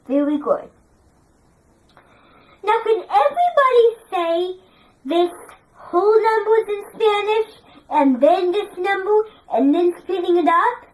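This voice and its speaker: A woman's voice: extremely high pitch, expressive, takes it slowly, low-quality recording. A woman teaching a class, drilling number sequences for pupils to repeat and praising them in a sing-song way.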